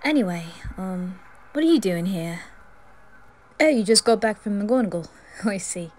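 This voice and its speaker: A woman's voice: mid-range voice, animated, measured pace, a little mellow, close to an everyday voice. A woman voicing a nervous, friendly teenage schoolboy wizard in a whispered role-play, stammering and apologizing. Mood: flustered.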